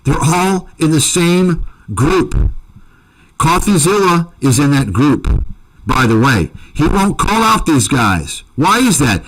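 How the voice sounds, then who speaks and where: Combative man ranting, slightly high voice. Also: very animated, unhurried, low-quality recording. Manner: combative, accusatory, repeats insults. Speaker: commentary channel host. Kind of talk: ranting commentary to viewers.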